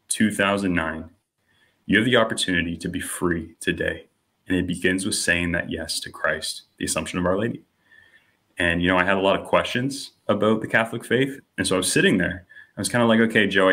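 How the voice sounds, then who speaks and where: A man's voice: deep voice, pushed and bright. A young man telling a personal faith story in a casual podcast conversation, with many fillers like "you know" and "like", and acting out the voices of the people he quotes. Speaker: podcast guest.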